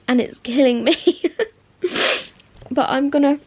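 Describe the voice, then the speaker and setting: A woman's voice: high voice, slow pace. Chatty young woman vlogging. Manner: chatty, gushing, lots of fillers. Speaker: book vlogger. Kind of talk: casual reading vlog. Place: at home.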